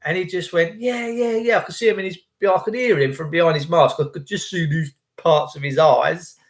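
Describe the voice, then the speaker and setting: A man's voice: a little high, fairly quick. A man hosting his own channel, talking in a casual, opinionated monologue. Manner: chatty, quotes people in their own voices. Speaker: channel host.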